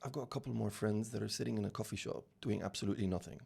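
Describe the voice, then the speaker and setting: A man in his forties with a gravelly, husky voice, raised in the UAE, tells a long anecdote on a podcast. He voices the people in it as he goes and repeats words often when he restarts a sentence. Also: fairly low pitch, rapid-fire. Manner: animated anecdotes, acting out dialogue, many restarts. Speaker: real estate founder, guest. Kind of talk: storytelling interview.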